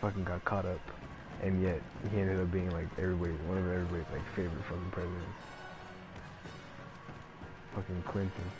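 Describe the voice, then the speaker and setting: A man's voice: sits low, flat delivery, a little fast, long pauses, over music. A man giving casual gameplay commentary, ranting in a rambling, profane way and packing his talk with filler words. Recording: noisy background.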